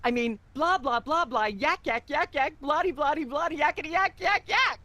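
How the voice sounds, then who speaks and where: A woman's voice: sits high, moderate pace, bright, forceful tone. A woman voicing a condescending female talk show host in a video game, who drones on in scornful tirades. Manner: droning blah-blah tirades, sugary scorn.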